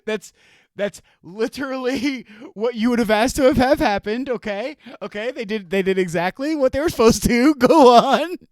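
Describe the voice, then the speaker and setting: A man streaming live, reacting to a video with sarcastic, animated commentary and frequent laughter. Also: extremely high pitch, moderate pace, no echo, studio quality.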